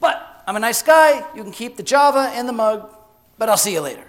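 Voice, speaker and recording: A man voicing a brash, sarcastic male genie with a Chicago accent and a loud, mocking, high-pitched delivery. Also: sing-song, measured pace, heavily acted. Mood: gloating.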